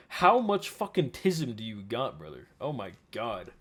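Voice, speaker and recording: A man's voice: medium pitch, huge pitch swings, takes it slowly, fairly bright tone, slightly rough. A man reacting to a video with exasperated, profane ranting commentary. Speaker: commentary streamer.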